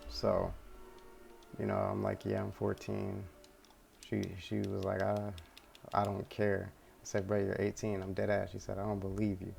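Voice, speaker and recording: A man's voice: fairly low pitch, monotone, measured pace, vocal fry, a little mellow, slight background noise. A young man casually telling a story from his life, rambling, laid-back and full of swearing, recorded at home.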